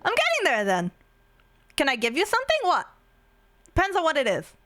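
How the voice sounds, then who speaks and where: Lively high-pitched woman streamer. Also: brisk. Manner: playful, giggly, trying out silly voices. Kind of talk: casual stream chat.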